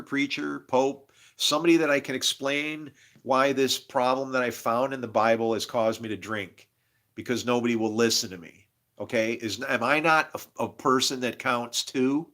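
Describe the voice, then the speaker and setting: A man's voice: mid-range voice, fairly bright tone. A man talking straight to the camera in a rambling, agitated personal monologue, profane and jumping from story to story. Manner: agitated, profane, jumps between stories. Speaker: self-made video host.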